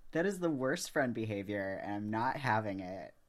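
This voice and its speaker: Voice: medium pitch, animated, moderate pace. A podcast co-host in casual chat, ranting indignantly and swearing.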